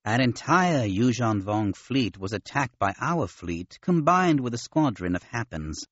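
A man voicing a nasal, gentle alien admiral. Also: mid-range voice, very animated, measured pace, no room sound, lo-fi sound. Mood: courteous. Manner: gentle, courteous. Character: polite, modest male alien admiral.

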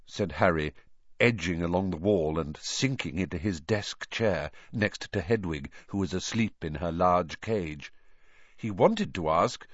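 A man's voice: low-pitched, measured pace, husky, no room sound. A man narrating a fantasy novel aloud as an audiobook reader. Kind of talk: scripted narration. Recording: dull lo-fi dry recording.

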